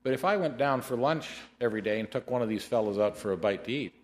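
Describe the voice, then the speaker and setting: A middle-aged man preaching a sermon, telling a personal story with animated delivery and slowing down to read scripture. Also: medium pitch.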